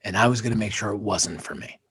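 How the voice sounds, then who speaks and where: A man, a guest, telling a personal story with feeling, dropping to hushed near-whispers and rising to intense emphasis. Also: fairly low pitch, fast talker, slight background noise.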